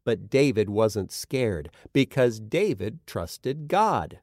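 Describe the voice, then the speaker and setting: A man narrating a children's Bible story with dramatic pauses and questions to the listener. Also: on the low side, expressive, darkish tone, no room sound, clean studio sound.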